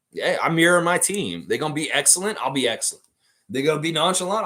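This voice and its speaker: A man's voice: a little high, sing-song, quick pace, a bit bright. A man hosting a casual livestream, reacting to a game and reading viewer chat aloud in a goofy, blunt, ranting way.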